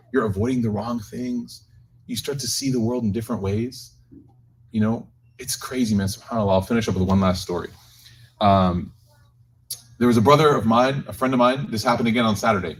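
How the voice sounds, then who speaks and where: Low-voiced man telling stories in a sermon. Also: a little hiss or hum. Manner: animated, joking storyteller, addresses audience directly. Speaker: religious teacher leading a Quran reflection. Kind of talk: casual religious talk with personal storytelling. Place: community gathering, live-streamed.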